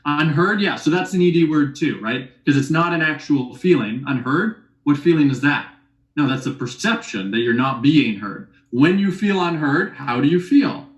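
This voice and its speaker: In an echoey room, a man leads a relationship workshop with a slightly high, animated voice at normal speed. He talks casually and teases his audience with rhetorical questions.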